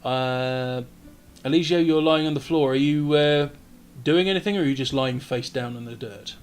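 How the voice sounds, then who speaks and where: A man acting as game master, narrating a tabletop game on a live stream in a halting way with many fillers. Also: medium pitch, smooth.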